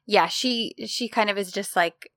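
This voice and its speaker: A woman's voice: medium pitch, a little slow, fairly bright tone, dry recording, clean studio sound. A woman co-hosting a podcast in casual chat, easygoing and agreeable, often chiming in with short replies. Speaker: podcast co-host.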